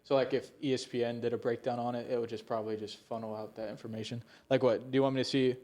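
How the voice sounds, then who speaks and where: A man's voice: medium pitch, little pitch movement, quick pace, mellow. A young man co-hosting a casual podcast chat, rambling and swearing often, with laughs slipping into his sentences. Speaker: podcast co-host.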